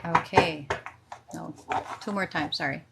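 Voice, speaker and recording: A woman's voice: deep voice, fairly even intonation, a little slow, creaky, heavy background noise. A woman chatting casually on a livestream as a tarot reader, giggly and self-deprecating.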